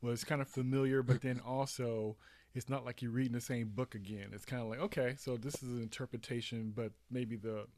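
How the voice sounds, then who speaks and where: A man's voice: mid-range voice, fairly quick, no room sound. Guy gushing about a movie trailer on a podcast, dry close sound, lots of restarts. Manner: animated, emotional, rambling with restarts. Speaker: podcast co-host. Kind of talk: casual chat.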